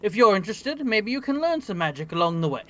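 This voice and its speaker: A man's voice: high-pitched, big pitch swings, fast. A man playing a tabletop game, speaking in character and out, hesitant and stumbling over words. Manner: hesitant, full of ums and restarts. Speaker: player. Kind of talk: casual tabletop role-play.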